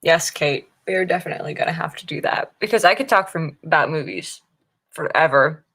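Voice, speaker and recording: A woman's voice: deep voice, fast, fairly bright tone, breathy edge. A young woman hosting a writing livestream, chatting casually and rambling with restarts, giggling often, tired and loopy from the early morning. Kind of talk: casual live-stream chat, reading viewer comments.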